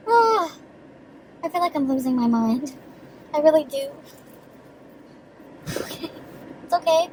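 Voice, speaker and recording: A woman rambles through a casual vlog, chatty and quick to giggle, with swear words sprinkled in. Her voice sits high. A faint hiss runs underneath. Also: sing-song, darkish tone, low-quality recording. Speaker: vlogger.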